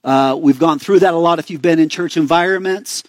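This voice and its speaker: High-voiced man preaching a casual sermon. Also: brisk, no echo. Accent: Arizona. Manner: conversational, asks the congregation questions. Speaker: pastor.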